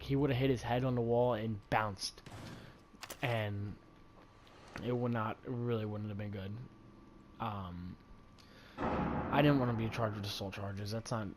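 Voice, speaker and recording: A man's voice: medium pitch, noisy background. Profane young man ranting over gameplay. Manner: profane, heated, rambling retelling. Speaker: gaming video host. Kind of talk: casual storytelling over gameplay.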